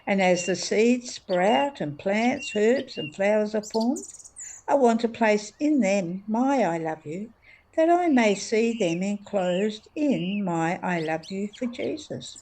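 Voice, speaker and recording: Brief: woman reader, mid pitch, measured devotional narration. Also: lively intonation, darkish tone, slight background noise. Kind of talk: devotional reading.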